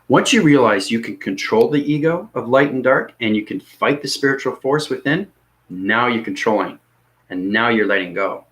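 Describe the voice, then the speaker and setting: A man's voice: fairly low pitch, animated, fairly quick, a bit bright, poor audio. A man talking earnestly and rambling about spiritual ascension, often repeating himself. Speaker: spiritual teacher. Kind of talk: unscripted spiritual talk.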